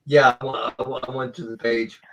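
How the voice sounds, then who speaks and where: A man on a video call from home late at night, halting and clearing his throat with a frog in his throat. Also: mid-range voice, level tone, fairly bright tone, poor audio. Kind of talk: casual chat on a call.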